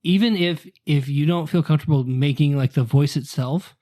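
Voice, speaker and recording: Male podcast co-host, musing, thinks out loud with restarts. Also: on the high side, normal speed. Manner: thinks aloud, repeats words and restarts. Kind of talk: casual chat.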